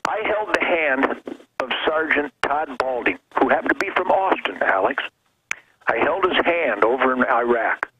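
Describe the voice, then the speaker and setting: A man calling in as a guest, talking with fervent, preachy passion, his voice swinging from low to high. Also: expressive, normal speed. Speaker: caller-in guest. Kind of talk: fervent call-in commentary. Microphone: telephone. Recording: muffled noisy phone line.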